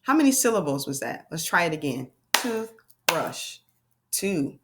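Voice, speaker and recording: Upbeat woman teacher for a kids' phonics video, swooping lively intonation, models words slowly. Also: deep voice, heavy background noise. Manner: upbeat, sing-song, slow modeled sounding-out. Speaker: reading teacher. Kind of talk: children's phonics lesson.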